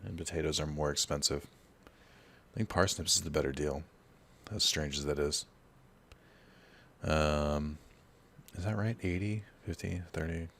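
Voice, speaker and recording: Deep-voiced male gamer, casual rambling commentary, heavy fillers. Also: unhurried, creaky, long pauses, fairly bright tone. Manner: rambling, filler-heavy, storytelling while playing. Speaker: let's play host.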